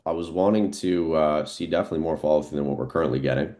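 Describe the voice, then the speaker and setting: Man, very deep voice, live market commentary, relaxed, lots of fillers, desk mic. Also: fast talker, few pauses. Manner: relaxed, thinking aloud with fillers. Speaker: trading streamer.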